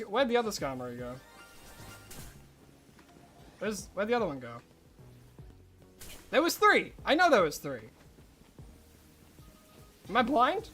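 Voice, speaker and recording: Excitable Australian streamer, lively pitch. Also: unhurried, pauses often, soft background music. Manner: chatty and rambling, bursts into excited disbelief. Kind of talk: casual live-stream chat while gaming.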